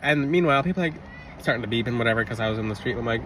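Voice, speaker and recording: A man telling a personal story in a casual, rambling monologue, interrupting himself and bursting into loud re-enacted shouts. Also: medium pitch, lively intonation, very fast. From Florida. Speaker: religious vlogger. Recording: slightly distant mic, faint outdoor traffic noise.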